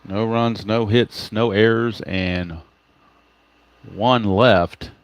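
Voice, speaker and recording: Speaking very slowly in a lowish, fairly even voice, this man runs a tabletop baseball game, rolling dice and reading player cards as he calls each play. Every so often he stops to welcome viewers in the live chat and correct his mistakes. The recording is dry.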